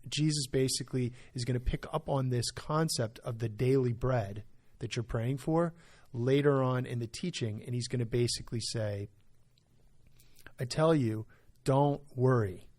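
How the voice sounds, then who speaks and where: A man's voice: mid-range voice, moderate pace, darkish tone. A man, a pastor, talking through a topic on a church podcast in an earnest, emphatic way, often checking in with "right?". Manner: earnest, emphatic, full of "right?" tag questions. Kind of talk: podcast discussion.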